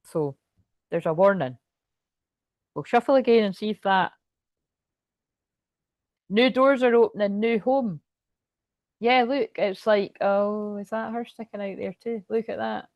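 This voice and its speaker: A woman giving a casual tarot reading to camera, chatty and excitable, thinking aloud and swearing freely. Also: mid-range voice, unhurried, pauses often, dry recording, dull audio. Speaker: tarot reader.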